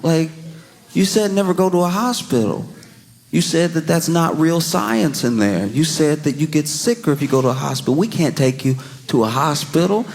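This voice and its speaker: A man's voice: on the high side, animated, normal speed, creaky, a little mellow. A man voicing baffled, protesting followers. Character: confused loyal followers, baffled and fretful.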